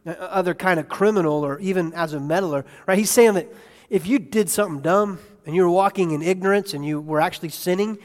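Male pastor, sermon in a church, quiet then excited, quizzes the congregation, fairly high pitch, echoing hall. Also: brisk. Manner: conversational, asks the congregation questions; swings from quiet and hushed to loud and excited. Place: church sanctuary. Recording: long hall reverb.

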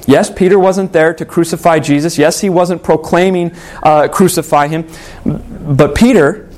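A man's voice: a little high, a little mellow. Earnest emphatic male preacher. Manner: earnest, emphatic, with dramatic pauses. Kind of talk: sermon.

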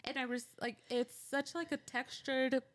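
A woman co-hosting a casual podcast with a notably high voice. She talks in a relaxed, reflective way, breaking into light laughter now and then. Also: moderate pace. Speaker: podcast co-host. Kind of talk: casual chat.

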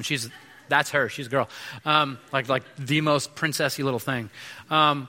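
The long reverb of a large hall surrounds this preacher, a man in his thirties delivering a conversational sermon full of restarts and fillers. His slightly high voice sounds pushed and bright, with fairly even intonation and a brisk pace.

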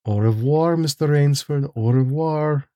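A man's voice: a little high, a little slow, dry recording, highs cut off, pitched above the performer's own voice, lightly acted. A man reading a storybook, voicing a suave, courtly aristocratic hunter with polished, genteel speech and a slight lift in his voice. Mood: silkily menacing.

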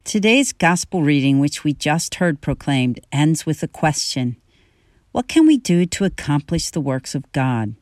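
A woman in her fifties giving a scripted, earnest and personal spiritual reflection in a measured way. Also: sits low, big pitch swings, a little mellow, no echo, studio quality. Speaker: podcast reflection speaker.

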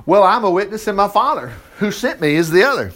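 A middle-aged man, teaching the Bible in a folksy, animated way with chuckling asides. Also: high-pitched, fast. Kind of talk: informal Bible study commentary.

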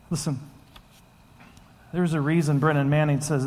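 Pastor guy preaching, kinda high voice, big echoey church hall. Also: normal speed. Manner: conversational, animated storyteller, swings from loud to hushed. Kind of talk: sermon with storytelling. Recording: long hall reverb.

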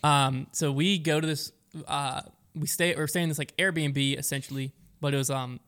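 A young man telling a long story in casual conversation, quick and rambling, raising his voice when he quotes friends. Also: a little high, steady tone, fairly bright tone.

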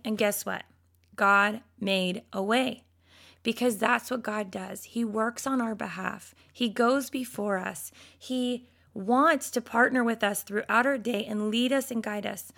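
A woman's voice: a little high, vocal fry. A woman teaching a devotional Bible lesson, talking straight to her listeners and reading scripture aloud. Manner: lively, talks straight to listeners; reads scripture aloud, mocks complaints with put-on whiny voices.

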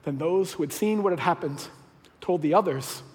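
A man preaching a sermon as pastor, swinging between hushed lines and loud, excited bursts. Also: fairly high pitch, normal speed. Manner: animated, swinging from hushed to shouted. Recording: long hall reverb.

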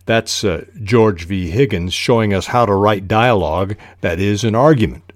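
Male writing instructor, low voice, measured delivery, dry close-mic. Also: dry recording. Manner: measured, reads quoted passages aloud. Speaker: podcast host teaching fiction writing. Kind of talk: instructional podcast talk.

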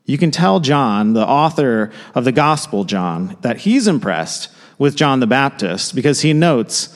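A man preaching a sermon in a casual, conversational way, with quick asides and restarts. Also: medium pitch, very animated, in a large hall. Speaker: pastor. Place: church sanctuary.

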